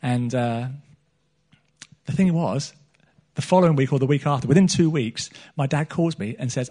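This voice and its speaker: A middle-aged man gives a sermon in a church meeting, his warm, medium-pitched voice moving at a moderate pace with long pauses. He repeats himself earnestly and often begins phrases again.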